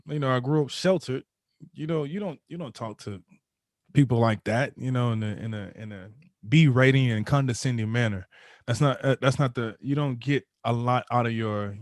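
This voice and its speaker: A man's voice: mid-range voice, dry recording, clean studio sound. A man in his thirties, a former football player telling his story in a casual interview, earnest and emphatic, often restarting his words.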